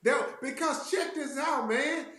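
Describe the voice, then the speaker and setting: A man's voice: very high-pitched, takes it slowly, crowd noise. Folksy, laughing man in a roomy space. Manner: lively, folksy, laughs while making points. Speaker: co-host of a church talk show. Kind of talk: casual faith discussion.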